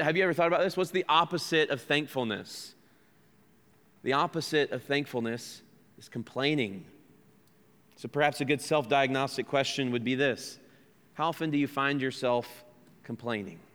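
An American pastor preaches a sermon in a church sanctuary, using a medium-pitched, fairly bright voice with a long reverb tail. His delivery is earnest and conversational, full of rhetorical questions to his listeners and self-deprecating asides.

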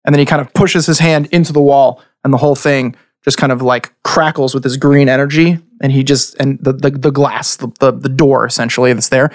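A man acts as game master, describing the scene in a loose, chatty way and often circling back to restart a phrase. His voice sits at an ordinary middle pitch. The recording is close and dry, with no room sound. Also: fairly even intonation, a little fast, few pauses, no echo. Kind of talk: narrating a tabletop game.

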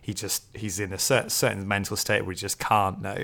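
A man's voice: fairly low pitch, level tone, brisk, vocal fry, pushed and bright. A man co-hosting a podcast, chatting and laughing often as he recaps. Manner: laughs often, hesitant with fillers. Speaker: podcast co-host. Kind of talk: casual chat recapping a show.

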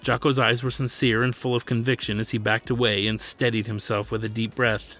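A man's voice: mid-range voice, fairly even intonation, brisk, hardly any pauses, a bit bright. A man narrating his own science fiction serial as an audiobook, reading steadily.

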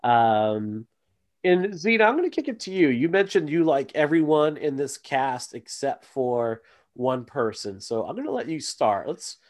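A man's voice: medium pitch, sing-song, measured pace, darkish tone. Man, podcast host, casual chat, rambling with fillers. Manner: chatty, many fillers and asides.

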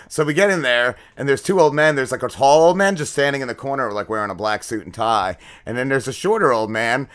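Man, podcast co-host, bright forward voice, casual chat, rambling, swears a lot. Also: mid-range voice, fast, hardly any pauses, smooth. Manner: rambling, profane storytelling with lots of fillers.

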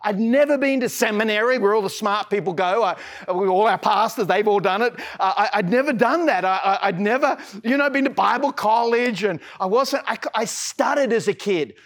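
Aussie pastor guy preaching, pretty high voice, keeps going "i, i, i" before he gets going. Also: fairly quick, few pauses, a bit bright. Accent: Australian. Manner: earnest, repeats words when starting phrases; mixes in casual slang. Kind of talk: sermon.

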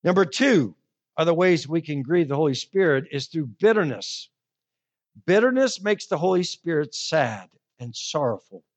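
A woman preaching a sermon, telling stories with animation and slowing down to stress key words. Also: low-pitched, lo-fi sound. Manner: animated storytelling, slows down for emphasis.

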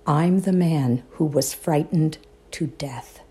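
A woman's voice: low-pitched, slightly rough, exaggerated voice. A woman voicing a mournful male ghost. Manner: slow, quiet, mournful. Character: sad frightened male ghost of a young man.

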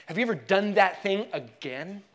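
A man preaching a sermon in a church, telling the story expressively and dropping to hushed tones for emphasis. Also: sits high, expressive, normal speed. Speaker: pastor.

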